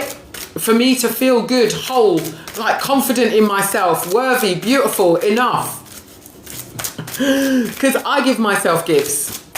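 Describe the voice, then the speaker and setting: A spiritual reader and coach gives a live-streamed oracle reading, her medium-pitched voice warm as she calls viewers darling and sweetie. She keeps asking "right?" and laughs often while talking, in an echoey room with faint background noise.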